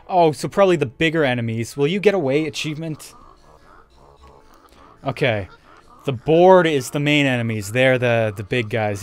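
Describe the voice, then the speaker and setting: A man's voice: on the high side, moderate pace, faint music behind. A man giving casual gameplay commentary, swearing often and joking through his frustration. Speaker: let's play gamer.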